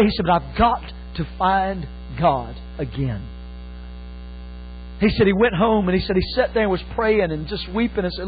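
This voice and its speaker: A male pastor preaching a sermon, with impassioned swings and sudden loud exclamations. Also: sits high, lively intonation, normal speed, soft background music. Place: church. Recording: tinny phone-like sound with faint mains hum.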